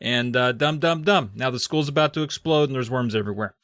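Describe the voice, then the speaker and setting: A man co-hosting a podcast, recapping a book in casual chat and acting out characters in quick put-on voices. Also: mid-range voice, a bit bright, dry recording, studio quality. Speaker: podcast co-host.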